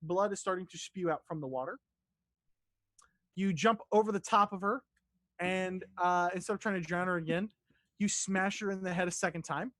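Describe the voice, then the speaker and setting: A man's voice: high-pitched, normal speed, a bit bright, dry recording. A man runs a tabletop game as its dungeon master. He narrates loosely, restarting sentences and swearing now and then. The recording is close and dry.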